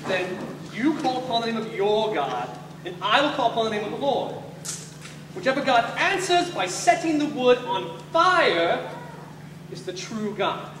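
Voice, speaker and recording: Comic church skit actor in an echoey hall. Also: male voice, very high voice, very animated, moderate pace. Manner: playful, loud taunting, jokey asides. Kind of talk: comic stage reenactment. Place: large church hall with audience. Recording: echoey hall, far from mic, noisy.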